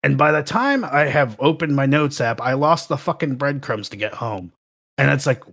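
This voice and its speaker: A man guesting on a podcast, chatting casually and telling animated stories with plenty of swearing. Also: mid-range voice, normal speed, gravelly. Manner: swears freely, animated storytelling. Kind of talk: casual chat.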